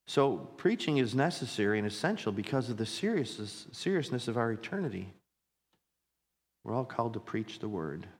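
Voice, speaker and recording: A man's voice: medium pitch, sing-song, moderate pace, husky, long reverb tail. A man preaching a sermon as pastor, earnest and repeating phrases for emphasis as his intensity builds.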